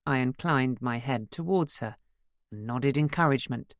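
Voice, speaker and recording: A woman's voice: rumbling low, normal speed, dry recording, studio quality. A woman narrating an audiobook in the first person, telling the story expressively. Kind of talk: scripted narration.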